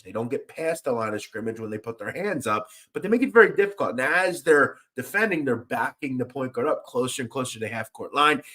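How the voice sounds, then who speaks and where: A young sports betting radio host walks through basketball picks, riffing between games in a loose, animated, chatty way and shouting out listeners in the chat. He speaks at an ordinary middle pitch, casually and with plenty of fillers.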